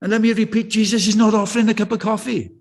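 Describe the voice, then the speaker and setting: A man's voice: sits high, little pitch movement, fast. An older British man preaching a sermon in a church, conversational and anecdotal with passionate swells.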